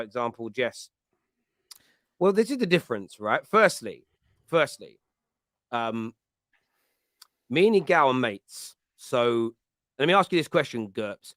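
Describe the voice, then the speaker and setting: A man's voice: medium pitch, unhurried, pauses often, no echo. Chatty East London man, dry close sound. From East London, England. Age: adult with a school-age child. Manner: animated, chatty, laughs often, frequent restarts. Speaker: fan podcast host. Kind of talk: casual chat, answering live chat comments.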